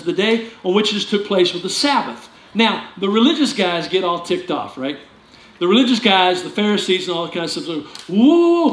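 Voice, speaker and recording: Male pastor, high voice, lively joking sermon, echoey sanctuary, faint room noise. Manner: animated, jokey preaching with sudden loud outbursts. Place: church sanctuary.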